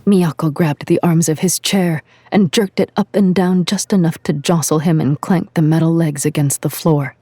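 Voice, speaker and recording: A woman narrates a dramatic story in a measured, even way. Her voice sits low and husky. The recording is dry and close, with no room sound. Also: no echo. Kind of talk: scripted audio-drama narration.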